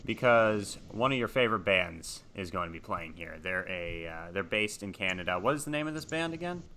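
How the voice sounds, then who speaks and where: A man narrating and hosting a tabletop horror game as game master, in a relaxed, conversational way. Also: sits low, fairly quick, a little hiss or hum.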